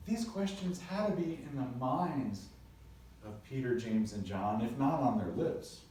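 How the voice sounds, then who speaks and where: Slow, mellow-voiced pastor in an echoey church. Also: male voice, medium pitch, animated. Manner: earnest, storytelling with playful asides. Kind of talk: sermon. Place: church sanctuary. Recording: very echoey church from a distant mic.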